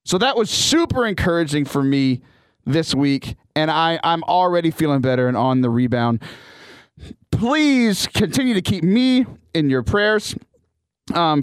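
A man's voice: a little high, clear, resonant tone, no room sound. A man hosting a faith podcast from a studio, talking in an earnest, upbeat way and often restarting his sentences. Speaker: podcast host and youth missionary. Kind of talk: casual podcast talk.

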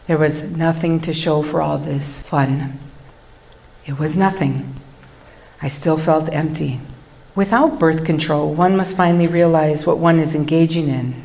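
Woman w a low voice telling her story to a crowd, earnest, slow n reflective. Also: creaky, darkish tone. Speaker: speaker giving a personal testimony. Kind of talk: personal testimony talk to an audience.

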